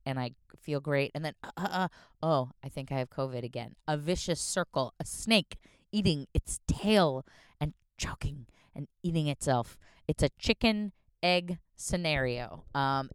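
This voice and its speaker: A young woman hosting a solo podcast from her car, a little hoarse, rambling and self-deprecating with lots of fillers. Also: low voice, no echo, clean studio sound. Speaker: podcast host. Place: in a parked car.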